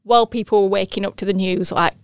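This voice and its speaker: A woman's voice: medium pitch, steady tone, fast talker, clean tone, dry recording, clean studio sound. A young woman from northern England with a Yorkshire accent, co-hosting a podcast in a chatty, jokey, self-deprecating way. She is pregnant. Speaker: podcast co-host. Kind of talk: casual chat.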